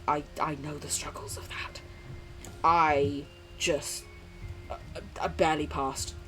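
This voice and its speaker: A woman's voice: fairly low pitch, fairly bright tone. A woman live streamer chatting casually with her viewers while gaming, swearing freely and gushing affection.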